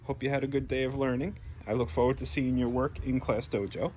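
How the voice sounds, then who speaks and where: A first grade teacher giving a remote phonics lesson from home, speaking slowly and clearly, sounding out letters and asking playful either-or questions. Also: male voice, medium pitch, steady tone, darkish tone, slight background noise.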